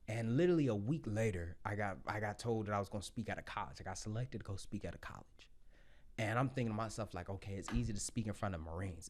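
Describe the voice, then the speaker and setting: A man in his thirties telling his story as a podcast guest, blunt and profane, loud when excited and quiet when reflective. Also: on the low side. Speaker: podcast guest, Marine sergeant. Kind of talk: casual storytelling.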